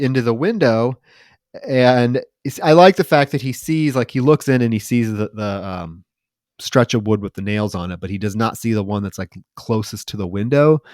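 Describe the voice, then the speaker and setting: A man's voice: medium pitch, no echo. A man co-hosting a podcast, casually retelling a horror movie's plot with lots of swearing and quoted lines. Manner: profane, animated retelling with quoted voices. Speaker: podcast co-host.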